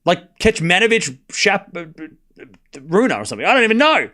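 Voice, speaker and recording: A man with a high voice calls a tennis match live for his stream. He is up late at night, trades quick banter with his viewers and rattles off each score as it comes. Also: sing-song, sharp tone. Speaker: livestream tennis commentator. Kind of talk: casual play-by-play commentary and chat replies.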